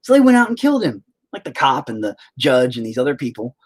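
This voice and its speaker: Male streamer, casual and profane, rambles and ribs his chat, animated pitch swings. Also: quick pace, slightly rough. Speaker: livestream host.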